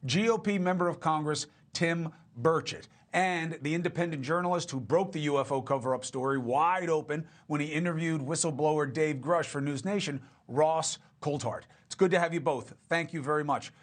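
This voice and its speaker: A man's voice: fairly high pitch, normal speed, hardly any pauses. A male news anchor delivering a punchy, emphatic introduction and questions on a cable news show.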